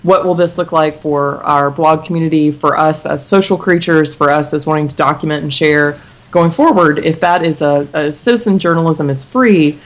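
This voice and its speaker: Woman on a podcast, low voice, thinks out loud, reflective. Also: moderate pace, low-quality recording. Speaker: podcast guest. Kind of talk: casual podcast conversation.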